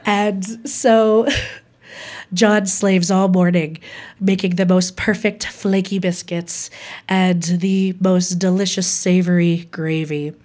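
A woman's voice: lowish voice, level tone, slow, a little mellow. A young woman from Hawaii telling a candid personal story, laughing often and acting out what others said. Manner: candid, laughs often, quotes people with voices.

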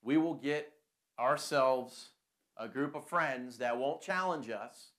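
Bright-voiced man preaching a sermon. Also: medium pitch, takes it slowly. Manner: rhetorical questions, conversational.

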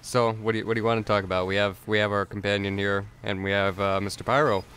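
A man's voice: fairly low pitch, flat delivery, fast talker, a bit bright, a little hiss or hum. A man giving casual let's play commentary, rambling with stammered restarts and chuckles.

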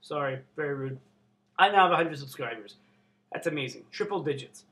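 A young man from Canada vlogging casually, excitable and swearing constantly. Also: on the high side, fairly quick. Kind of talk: casual unboxing vlog.

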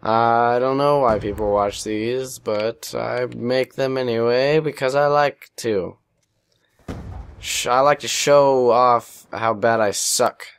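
A man's voice: medium pitch, steady tone, takes it slowly, smooth. A young man giving casual gameplay commentary over a headset, rambling, self-deprecating and swearing often. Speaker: gaming commentator.

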